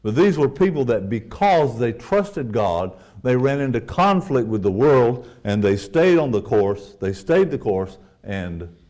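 Speaking at a medium pitch with big swings in tone, a man preaches earnestly, rising to forceful highs and then sinking to near-quiet. His scripture reading follows a steady, measured rhythm.

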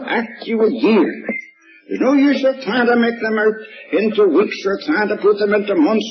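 A man's voice: a little high, highs cut off. A man preaching a Bible teaching sermon, emphatic and rising sharply on the words he stresses.

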